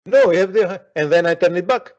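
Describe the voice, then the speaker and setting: Brief: male trading coach, blunt and profane, slightly high voice, dull lo-fi recording. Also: brisk. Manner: forceful, profane, repeats himself. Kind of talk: blunt motivational talk. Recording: dull lo-fi audio.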